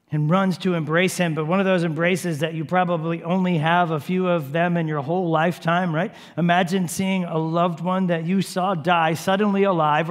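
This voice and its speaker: A man preaching a sermon, retelling a story vividly and repeatedly urging his listeners to imagine the scene. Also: fairly high pitch. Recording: long hall reverb.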